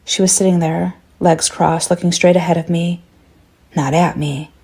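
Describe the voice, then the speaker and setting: A woman narrating a first-person horror story in a tense, measured way. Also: fairly low pitch, steady tone, darkish tone, breathy edge.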